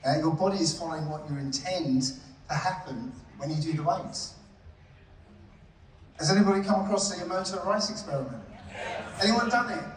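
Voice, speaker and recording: A man's voice: fairly high pitch, moderate pace, long pauses, a little hiss or hum. A man giving a live conference talk, chatty and often checking in with the audience with "yeah?" and "right?". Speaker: conference presenter. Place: conference hall. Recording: echoey hall from far off.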